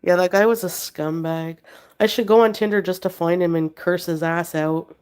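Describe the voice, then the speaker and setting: A woman with a slightly low voice that sounds sick. She rambles casually through a livestream, drifting between viewers' comments and her pet. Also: fairly even intonation, moderate pace, darkish tone, clean tone. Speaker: livestreamer reading chat.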